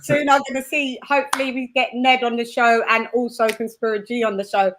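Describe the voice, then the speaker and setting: A woman's voice: fairly high pitch, flat delivery, fairly quick, a bit bright, a little hiss or hum. A woman from the United Kingdom hosting a live stream, bubbly and chatty, laughing often. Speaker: host. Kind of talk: casual live-stream chat.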